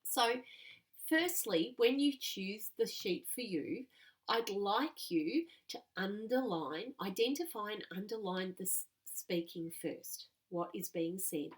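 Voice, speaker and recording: Lively woman teacher explaining to children. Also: mid-range voice, slow pace. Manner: patient, clear and animated, reading examples aloud.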